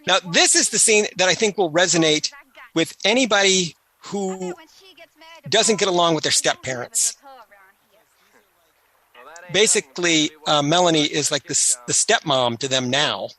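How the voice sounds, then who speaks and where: A man's voice: on the high side, animated, a little slow, long pauses, bright, forceful tone. A man giving a casual, chatty film commentary, full of anecdotes and trivia.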